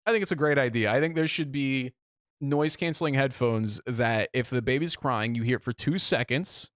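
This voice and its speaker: A man in his twenties co-hosting a casual podcast, ranting and joking in an animated way. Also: medium pitch, moderate pace, no room sound, clean studio sound. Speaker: podcast co-host. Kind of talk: casual chat.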